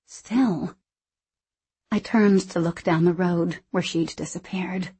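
A woman reading a first-person novel aloud as audiobook narrator, in a measured, expressive way. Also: fairly low pitch, husky.

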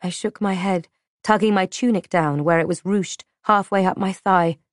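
A woman reading a first-person historical novel in a measured, dramatic way. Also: fairly low pitch, fairly even intonation, no room sound, clean studio sound. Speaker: audiobook narrator. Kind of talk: scripted first-person narration.

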